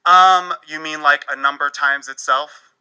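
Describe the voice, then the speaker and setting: A man's voice: on the high side, fairly even intonation, unhurried, pushed and bright, clean tone, rough recording. A man voicing a confused, hesitant teenage schoolgirl in math class.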